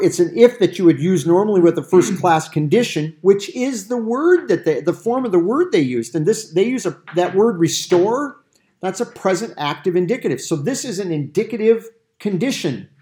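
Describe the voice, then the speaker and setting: A man's voice: high-pitched, darkish tone. A man leading a Bible study discussion, explaining Greek grammar with everyday examples. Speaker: Bible teacher.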